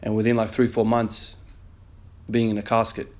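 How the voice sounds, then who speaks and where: A man's voice: fairly low pitch, completely flat delivery, moderate pace, darkish tone. A man in his thirties, an emergency nurse, earnestly telling a story in a motivational vlog with many fillers. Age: 30s.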